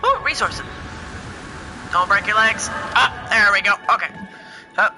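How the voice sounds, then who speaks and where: A young man giving casual, excitable gameplay commentary as host, exclaiming and laughing as he plays. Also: high voice, measured pace, music in the background.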